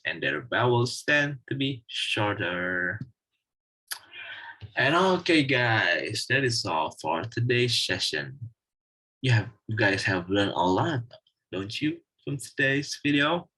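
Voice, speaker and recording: Slow, lively-voiced young man teaching. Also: medium pitch, husky, poor audio. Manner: slow, explains step by step, reads example sentences aloud. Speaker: teacher presenting a video lesson. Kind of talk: scripted lesson narration.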